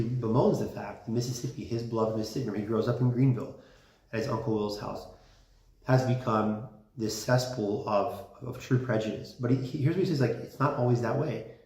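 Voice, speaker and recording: A man's voice: mid-range voice, darkish tone. A man giving a casual classroom lecture, talking conversationally with many fillers and restarts. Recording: roomy classroom sound.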